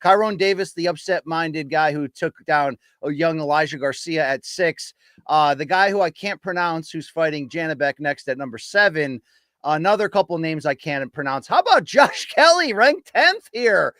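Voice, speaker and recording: A man hosting a casual podcast, giving opinionated takes and running quickly through names and rankings. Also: fairly high pitch, a bit bright, clear, resonant tone, no echo. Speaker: podcast host. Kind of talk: casual boxing podcast chat.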